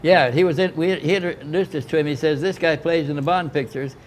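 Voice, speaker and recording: An older interviewee speaks a little fast in a slightly high voice, with a little hiss or hum in the recording. He casually recounts a long, rambling story, acting out the voices of those he quotes.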